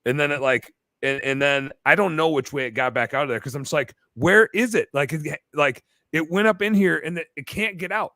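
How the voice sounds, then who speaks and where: Animated bright-voiced man telling stories. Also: fairly high pitch, brisk, few pauses, no echo. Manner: animated storyteller, many fillers. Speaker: podcast guest. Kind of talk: casual storytelling chat. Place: bar-themed podcast set.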